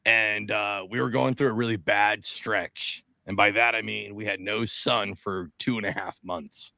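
A man's voice: fairly low pitch, fairly even intonation, a little slow, gravelly, bright, forceful tone, dry recording. A middle-aged man from Seattle in casual podcast chat, swearing freely and telling stories, mimicking people's voices as he goes. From Seattle, Washington. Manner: profane, storytelling, mimics other people's voices. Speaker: podcast co-host.

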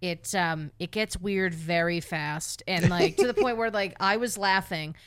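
Smooth-voiced excitable woman chatting. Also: fairly low pitch, measured pace. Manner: excitable, laughs often, stumbles into sentences. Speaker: podcast co-host. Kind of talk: casual chat.

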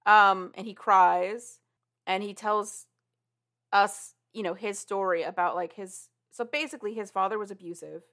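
A woman's voice: medium pitch, fairly even intonation, unhurried, a bit bright. A woman co-hosting a casual podcast, rambling through a story recap full of "like" and restarts. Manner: rambling, filler-heavy retelling with "like". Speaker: podcast co-host. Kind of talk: casual chat retelling a story.

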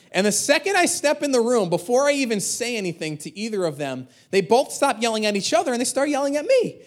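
Male pastor, 30s, lively storytelling sermon, higher voice. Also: fast talker, few pauses. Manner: energetic, animated, acts out quotes.

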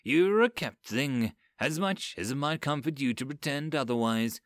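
A man's voice: mid-range voice, lively intonation, moderate pace, dry recording, studio quality, close to an everyday voice. A man putting on a mocking demon woman. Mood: reproachful. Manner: cooing, mocking, silky. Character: demon woman possessing a girl, mocking, cold.

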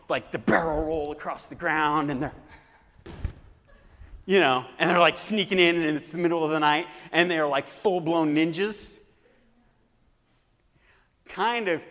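A man preacher telling a story in a sermon, animated and acting out scenes, swinging between loud and hushed delivery. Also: a little high. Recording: long hall reverb.

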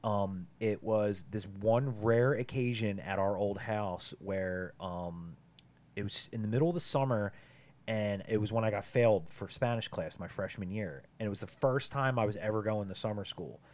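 A man's voice: on the low side, moderate pace, darkish tone. Rambling man telling a story. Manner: rambling storyteller, many fillers and swearing. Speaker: podcast co-host. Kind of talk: casual chat.

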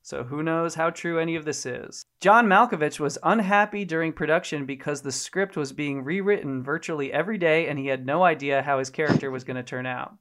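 Brief: male podcast host, slightly higher pitch, wry understated delivery. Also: brisk, hardly any pauses, fairly bright tone. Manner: wry, low-key, reads segments. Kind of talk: casual comedic chat.

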